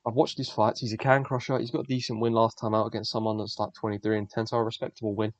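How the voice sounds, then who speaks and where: A man's voice: on the low side, flat delivery, fast talker, no room sound. A young man, the host, giving blunt, profane, rambling fight predictions in casual solo commentary. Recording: dull lo-fi dry recording.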